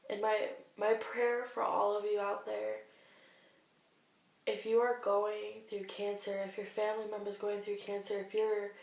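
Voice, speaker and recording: Earnest young woman with a gravelly voice. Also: mid-range voice. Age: 20s. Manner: earnest, heartfelt, faith-filled. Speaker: vlogger sharing a cancer diary. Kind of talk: personal video diary. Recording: echoey room, distant mic.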